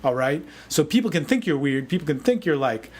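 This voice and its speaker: A man giving a casual, energetic motivational talk as a dating coach, often saying "man". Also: fairly high pitch, brisk. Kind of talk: casual video talk answering a forum question.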